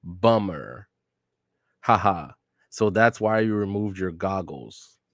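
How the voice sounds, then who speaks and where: A man's voice: deep voice, animated, slow. A man casually reading the lines of a stern but caring male ninja teacher from a manga. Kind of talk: casual manga read-aloud.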